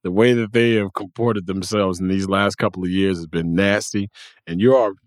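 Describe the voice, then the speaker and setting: A man hosting a sports podcast, joking loudly and swinging between high exclaims and low grumbles. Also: fairly even intonation, normal speed, no room sound, clean studio sound. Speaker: podcast host. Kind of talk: animated sports talk. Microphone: studio mic, dry close sound.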